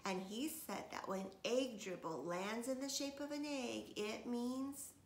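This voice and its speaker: A woman voicing a scheming, dramatic little boy who often drops to a hush, read from a storybook. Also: a little high, measured pace. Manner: hushed and secretive at times. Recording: echoey room, faint noise.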